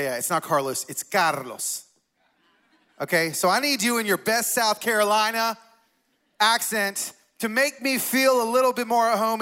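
A man in his forties preaching as a guest speaker in a church, talking casually with self-deprecating humor and animated retelling. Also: very high voice. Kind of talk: sermon. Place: church sanctuary.

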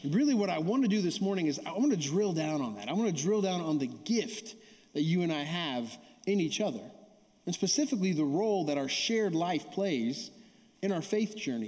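High-voiced pastor in a reverberant church. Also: male voice, darkish tone. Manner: conversational, keeps asking the audience "right?"; calls for audience response. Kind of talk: sermon with storytelling. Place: church sanctuary. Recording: long hall reverb.

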